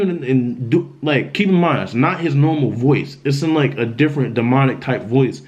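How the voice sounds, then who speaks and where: A man's voice: medium pitch, moderate pace, few pauses, a little mellow, lo-fi sound. A man telling a dramatic story in a casual storytime vlog, in loose slang, often repeating himself. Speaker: vlogger.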